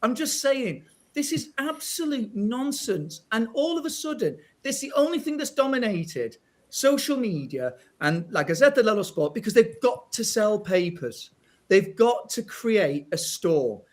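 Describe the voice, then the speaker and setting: A man with a high voice that leaps all over the place, ranting on a casual podcast. He sounds fed up and keeps cutting in with laughs and blunt asides. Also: very animated, unhurried. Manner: exasperated ranting, swearing, laughing. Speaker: podcast host.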